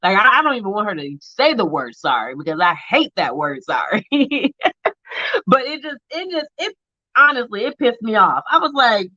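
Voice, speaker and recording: A young adult woman co-hosting a casual chat, telling a story with lively acted-out quotes. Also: medium pitch, moderate pace, no echo, highs cut off. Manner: animated storytelling, acting out quotes. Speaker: co-host.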